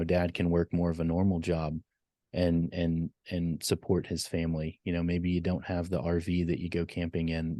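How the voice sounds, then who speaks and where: A man guesting on a podcast with a very deep voice, recorded dry and close. He speaks in a measured, matter-of-fact way. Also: dark tone, dry recording. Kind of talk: casual podcast conversation.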